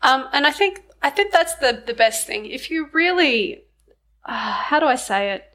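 A woman co-hosting a podcast in casual chat, frank and quick to laugh. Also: sits high, lively intonation, pushed and bright, poor audio. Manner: frank, laughs easily, swears in quotes. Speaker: podcast co-host.

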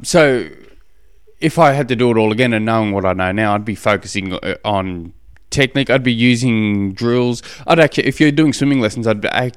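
Male solo podcaster, chatty and self-deprecating, smooth clear voice, dry close mic. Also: fairly low pitch, no room sound. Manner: rambling, self-deprecating, chatty with many fillers. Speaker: podcast host. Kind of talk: casual solo podcast answering listener questions. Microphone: studio podcast microphone.

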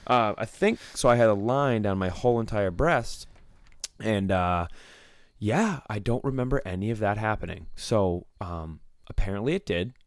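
Wry New man, lowish voice. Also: lively intonation, normal speed, no room sound, studio quality. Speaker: podcast co-host. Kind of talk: casual banter.

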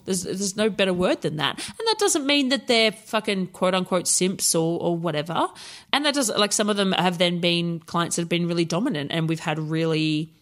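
A woman co-hosting a podcast in casual chat, candid and sweary, telling stories with frequent laughs and acting out past conversations. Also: lowish voice. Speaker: podcast co-host.

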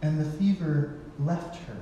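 A man's voice: a little high, measured pace, warm tone, highs cut off, slight background noise. A man giving a sermon in a casual storytelling way, acting out the people he quotes in playful voices. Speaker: pastor. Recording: echoey hall, from far off.

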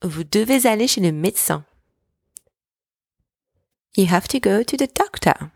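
A woman with as her language, hosting a podcast lesson and saying each word slowly and clearly for listeners to repeat. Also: medium pitch, lively intonation, a little mellow, no echo, clean studio sound. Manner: word-by-word repetition drills, clear enunciation. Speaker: French teacher, podcast host. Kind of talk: slow, drilled language lesson.

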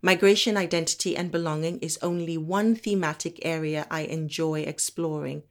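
Woman from Africa, low register; measured spoken-word monologue delivery. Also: fairly even intonation. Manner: measured, deliberate delivery with slow emphatic pauses.

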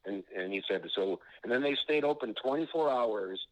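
A man's voice: mid-range voice, expressive, moderate pace, poor audio. A man being interviewed as an author, telling anecdotes in a rambling way, often restarting sentences and filling gaps with "you know.".

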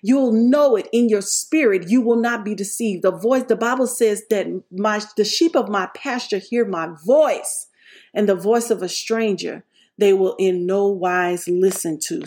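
A woman's voice: mid-range voice, darkish tone. A woman preaching a sermon with emphasis, repeating key lines and punctuating them with hallelujah. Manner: slows and stretches words for emphasis.

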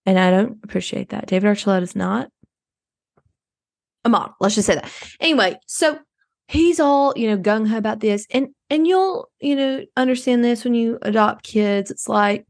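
Woman doing a self-absorbed rich suburban mom, gravelly, rambling, for a comedy podcast, dry sound. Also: fairly high pitch, normal speed, dry recording. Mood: rambling, chatty. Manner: rambling, breathless oversharing.

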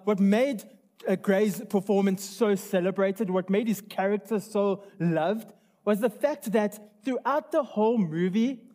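A man's voice: sits high, dark tone. A man preaching a sermon, earnest and conversational, with restarts and asides. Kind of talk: sermon with opening prayer.

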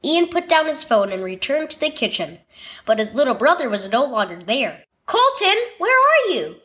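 A woman narrating a scripted children's devotional story with expressive storytelling. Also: fairly high pitch, moderate pace.

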